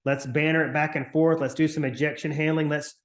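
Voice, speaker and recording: A man coaching real estate agents on a video call, talking in an energetic, chatty way and acting out upbeat phone calls. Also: fairly high pitch, brisk, reverberant. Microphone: computer mic on a video call.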